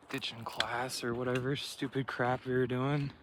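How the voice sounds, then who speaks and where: A man's voice: medium pitch, flat delivery, moderate pace, few pauses. Laid-back man vlogging on a trail. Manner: rambling and laid-back, full of slang like "dude". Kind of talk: casual vlog narration while hiking. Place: outdoor hillside trail. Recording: noisy outdoor recording.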